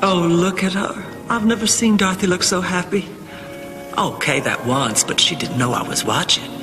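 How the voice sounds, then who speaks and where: A woman's voice: lowish voice, normal speed, close to an everyday voice. An actress playing a vain, flirtatious woman gushing through her inner thoughts at a sitcom wedding. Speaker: sitcom character. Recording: inner voice over music.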